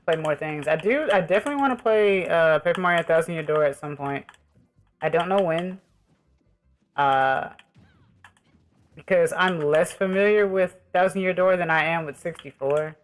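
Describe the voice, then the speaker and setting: A man streaming a game, chatting with his viewers in an easygoing, rambling way. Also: a little high. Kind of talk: casual live-stream chat while gaming.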